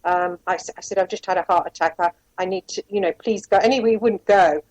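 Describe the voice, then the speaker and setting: A woman's voice: lowish voice, quick pace, darkish tone, no echo, poor audio. Candid woman telling her story. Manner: candid, rambling, with asides and quoted dialogue. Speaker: interview guest, former private investigator.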